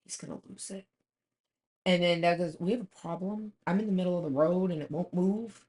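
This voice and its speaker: A woman's voice: fairly low pitch, brisk, darkish tone. A woman co-hosting a casual chat show, blunt and matter-of-fact, swearing casually as she tells a story. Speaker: podcast co-host.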